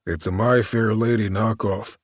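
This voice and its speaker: A man's voice: lowish voice, steady tone, normal speed, dry recording, clean studio sound, lightly acted. A man doing a terse, weary detective. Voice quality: terse, gruff. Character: impatient, weary middle-aged male detective.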